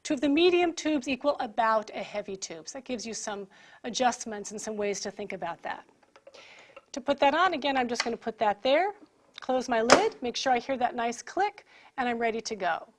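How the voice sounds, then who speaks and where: High-voiced woman demonstrating equipment. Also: animated, normal speed. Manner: clear step-by-step explaining while handling equipment. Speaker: equipment instructor. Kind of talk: product demonstration.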